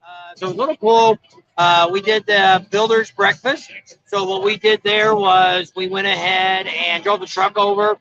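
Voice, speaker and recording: A man's voice: high-pitched, animated, normal speed, gravelly, bright, forceful tone, no room sound. A man co-hosting a casual live stream from a busy street, rambling with lots of uh fillers as he films. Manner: rambling, filler-heavy with frequent uh. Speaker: vlog co-host filming the street. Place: busy street outdoors at a motorcycle rally. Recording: dull lo-fi livestream audio.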